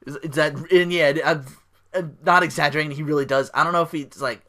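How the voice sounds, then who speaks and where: A man's voice: on the high side, steady tone, fast talker, pushed and bright. A man hosting a solo podcast, rambling casually with lots of fillers and restarts. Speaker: podcast host.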